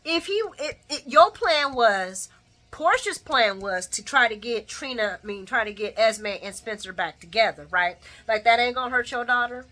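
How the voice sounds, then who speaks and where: A woman's voice: on the high side, normal speed. A woman giving a chatty daily soap opera recap, talking straight to her viewers and talking back at the characters. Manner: expressive, talks back at characters, laughs often; chatty, addresses viewers directly. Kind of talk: casual daily recap commentary.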